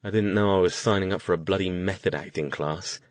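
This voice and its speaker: A man's voice: lowish voice, expressive, moderate pace, dry recording, natural voice. A man reading the lines of a weary, sardonic British mage in an audiobook. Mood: exasperated. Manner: dry, sardonic. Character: weary British male mage, dry, reluctant.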